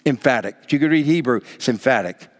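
A man preaching a sermon as pastor, emphatic and animated, acting out parents scolding their children. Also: mid-range voice, quick pace, long reverb tail. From Southern United States.

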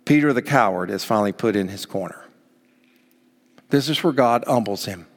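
A man's voice: on the low side, lively intonation, moderate pace. A man preaching a sermon, reading scripture and acting out its quotes with dramatic emphasis. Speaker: pastor. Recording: long hall reverb.

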